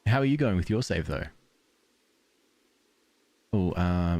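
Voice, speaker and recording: A man's voice: sits low, lively intonation, slow pace, long pauses, a little mellow, slight background noise. An Australian man streaming a game, chatting casually and drifting off into rambling stories. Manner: rambling, tangent-prone storytelling. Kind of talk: casual gameplay commentary.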